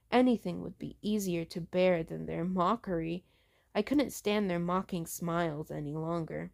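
A woman reads a horror story aloud at a slow, careful pace. Her voice has a gravelly fry, and she stumbles and restarts on words as she goes. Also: fairly low pitch, a little mellow. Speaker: host reading books aloud.

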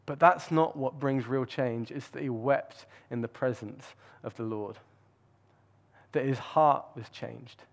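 A man's voice: mid-range voice, measured pace, creaky. A man giving a sermon, earnest and reflective, with the odd filler and restart. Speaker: preacher.

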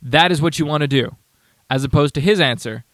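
Guy hosting a podcast, sarcastic, rambles and restarts a lot, bit high voice, super dry mic. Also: brisk, fairly bright tone, no echo. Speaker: podcast host. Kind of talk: casual commentary.

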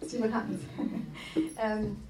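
A woman's voice: medium pitch, little pitch movement, slow pace. A woman co-leading a marriage course, talking informally to a group of couples, hesitant and full of fillers and restarts. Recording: roomy hall, distant mic, background noise.

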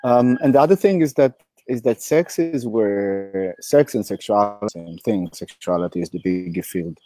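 A man with a hoarse voice speaking in a casual interview, hesitant, with many fillers and restarts. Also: on the low side, normal speed, mellow.

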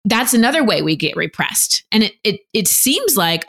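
A woman's voice: medium pitch, sing-song, normal speed, a bit bright. A woman guest on an interview podcast, explaining things in an earnest, teacherly way as a relationship coach. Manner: earnest, teacherly, acts out example voices.

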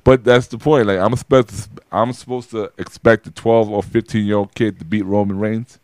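A man with a fairly low voice talks through a casual podcast chat, circling back and restarting his sentences as he goes. The sound is dry and close, with no room around it. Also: steady tone, moderate pace, a little mellow, smooth, dry recording. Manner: rambling, many restarts and repeats. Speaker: podcast co-host.

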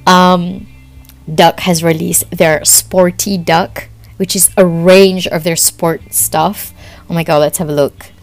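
A young woman with a Malaysian accent, hosting a podcast and telling a story in a giggly, excitable way, laughing often. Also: on the low side, slow, faint music behind. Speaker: podcast host. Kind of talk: casual storytelling monologue.

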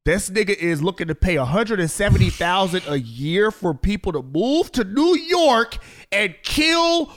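A man joking around in casual podcast chat, profane and animated. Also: high voice, unhurried.

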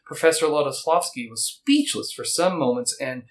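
A man's voice: on the high side, animated, poor audio. A rambling podcast man reading quotes. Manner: rambling, reads quotes and puts on quick voices for them. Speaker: podcast host. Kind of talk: casual chat, reading aloud from a book.

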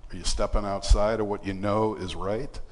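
A man's voice: fairly low pitch, moderate pace, big-room sound, background noise. A man preaching in church, telling a personal story in a casual, conversational way and acting out the voices in it. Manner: casual, conversational storytelling with fillers and animated quoted dialogue.

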